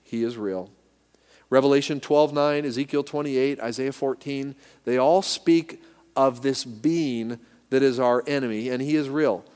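A man's voice: medium pitch, unhurried, darkish tone, clear, resonant tone. A man preaching a sermon with emphasis, leading his congregation to repeat lines back. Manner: emphatic, leads call-and-response. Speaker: pastor. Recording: echoey hall reverb.

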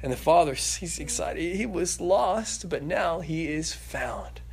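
High-voiced animated male preacher. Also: slow pace. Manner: animated, acts out voices, laughs and jokes. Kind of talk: sermon.

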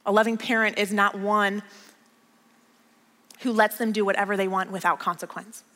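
Bright-voiced woman pastor preaching. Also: medium pitch, flat delivery, normal speed, big-room sound. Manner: storytelling, emphatic repetition. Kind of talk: conversational sermon.

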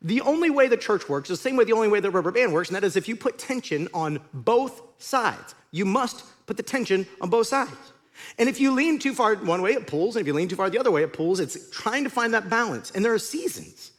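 A man preaching a sermon as pastor, in an animated, conversational storytelling way. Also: high-pitched, a little fast.

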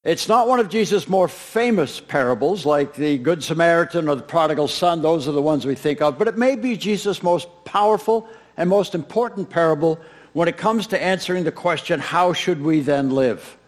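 A man preaching a sermon, retelling a parable as an animated storyteller who acts out its characters with humor. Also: a little high, normal speed. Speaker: pastor.

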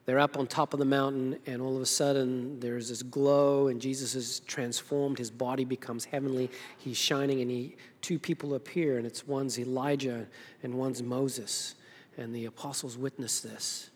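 A man preaching a sermon in a church, telling the story in a lively, casual way and acting out what the characters say. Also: medium pitch, normal speed, long reverb tail. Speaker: pastor.

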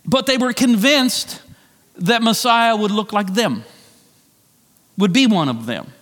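A middle-aged man preaching a sermon as pastor, conversational and animated, with self-deprecating asides. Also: sits high, slow, big-room sound. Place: church sanctuary.

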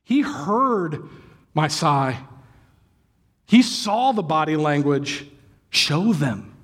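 A man in his thirties preaching a sermon, telling a family story with acted sighs and lively exclamations. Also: a little high, drawn-out words. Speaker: pastor.

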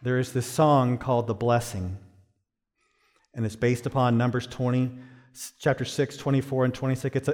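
Preaching to a big room, the middle-aged pastor alternates between soft, slow passages and loud, high-pitched calls to his listeners, in a male voice.

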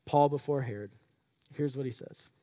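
Male pastor, sermon delivery, hall reverb; emphatic then hushed. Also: normal speed. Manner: swings from loud emphatic questions to soft, low asides. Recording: long reverb of a large hall.

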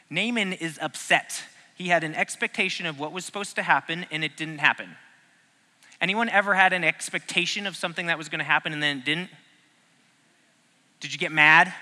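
A man's voice: high-pitched, expressive, moderate pace, pauses often, pushed and bright. A man preaching a casual sermon, joking and asking the audience questions as he teaches. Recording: long hall reverb.

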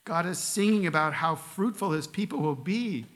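A man's voice: fairly high pitch, expressive, normal speed, fairly bright tone. A male pastor preaching a sermon in a church, reading scripture aloud and asking the congregation earnest questions. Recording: long reverb of a large hall.

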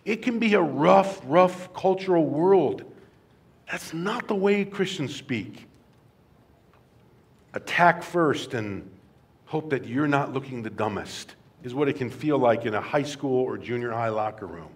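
A man preaching a sermon as pastor, in an earnest, conversational way that swells loud on key words. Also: medium pitch, animated, measured pace.

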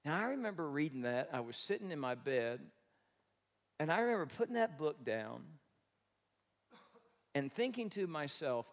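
High-voiced animated male preacher. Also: normal speed, pauses often. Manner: animated, swings between loud bursts and quiet reflection. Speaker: pastor. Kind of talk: sermon.

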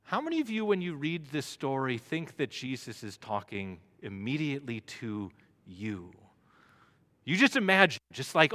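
A man preaching a sermon as pastor, building to loud emphatic runs. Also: mid-range voice, sing-song, moderate pace. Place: church sanctuary. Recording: long hall reverb.

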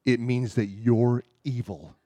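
A man voicing an indignant male churchgoer who stubbornly insists the speaker is evil, in a lower, quieter voice than his own. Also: steady tone, takes it slowly, dry recording, lightly acted. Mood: accusing.

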